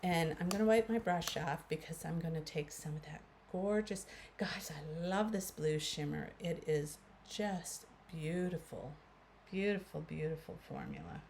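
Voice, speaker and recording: A woman's voice: deep voice, animated, a little slow, a little mellow, slight background noise. A woman in her fifties with a Canadian accent, chatting casually to viewers through a makeup tutorial. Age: 50s. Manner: chatty, addresses viewers as guys, many fillers. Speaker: beauty vlogger.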